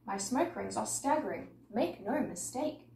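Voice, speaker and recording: A woman's voice: fairly high pitch, expressive, unhurried, gravelly, a little mellow. A woman reading the part of a swaggering, boastful male scarecrow in a storybook, in an echoey room away from the mic. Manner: swaggering, bragging. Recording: echoey room, mic far off, faint noise.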